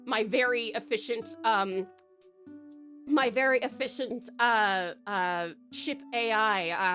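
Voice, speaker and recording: Bubbly woman streamer, bright and lively voice, rambling chat with faint music underneath. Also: a little high, takes it slowly. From Tasmania, Australia. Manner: chatty, rambling, bubbly, frequent giggles. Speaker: VTuber streamer. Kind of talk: late-night livestream chat, reading chat.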